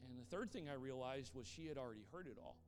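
A traveling pastor telling a story in a sermon to a congregation, animated and prone to stammering repeats when excited. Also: male voice, medium pitch, fast talker. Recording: long hall reverb, faint music.

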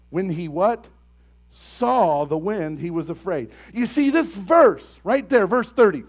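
Young male pastor, high animated voice, conversational sermon that swells into forceful emphasis. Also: slow. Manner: builds to loud emphatic bursts; conversational, asks the congregation questions.

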